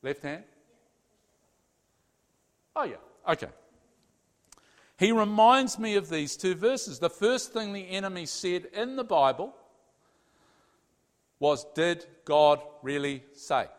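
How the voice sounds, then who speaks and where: Man, preacher, lively sermon, fairly high voice, long hall reverb. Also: takes it slowly, pauses often. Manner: animated, tags sentences with "okay?". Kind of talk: conversational sermon.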